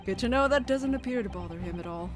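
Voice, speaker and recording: A woman's voice: on the high side, expressive, fast talker, over music. A woman streaming a game, chatting casually, giggling often, swearing loosely and reading lines aloud. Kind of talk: casual game let's-play commentary.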